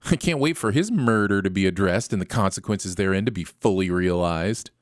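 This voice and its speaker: A man's voice: low-pitched, brisk, noisy background. A man narrating a comedic review show, riffing sarcastically and with mock outrage. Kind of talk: comedic voice-over commentary.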